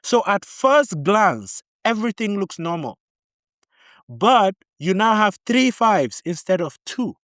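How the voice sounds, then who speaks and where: Man, vlogger, fairly high voice, dry close sound, animated storyteller, blunt warnings. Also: takes it slowly, dry recording. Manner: animated storytelling, acting out both sides of arguments; direct, warning tone, repeats points for emphasis. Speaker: vlogger giving advice on living in Barbados. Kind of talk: casual advice talk to camera.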